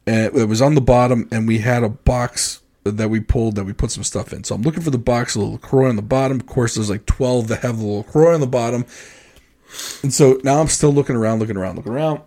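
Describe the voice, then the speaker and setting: A man on a podcast telling a rambling, animated story in casual chat. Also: medium pitch, quick pace. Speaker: podcast co-host.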